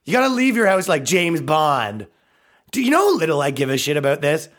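Crude, animated male podcast ranter. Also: fairly quick. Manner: crude sarcastic riffing, swings between mocking high and low put-on voices. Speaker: podcast host. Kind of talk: comedic monologue rant.

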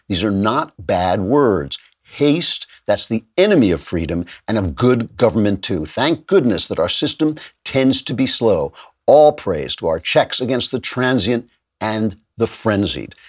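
A man's voice: on the low side, a little mellow. A man hosting a political talk show, delivering a combative, sardonic opinion monologue. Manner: combative, sardonic, reads quotes aloud.

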